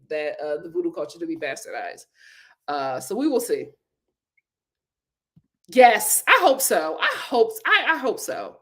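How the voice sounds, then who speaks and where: A woman hosting a casual live stream, reading viewer comments aloud, laughing often and breaking into loud exclamations. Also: lowish voice, big pitch swings, unhurried, long pauses.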